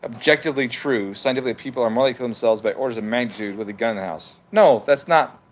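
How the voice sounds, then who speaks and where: Talking very fast in a medium-pitched voice, this male streamer broadcasts from his house. He reads out viewer comments and fights with them, swearing freely through a hot-tempered, casual tirade.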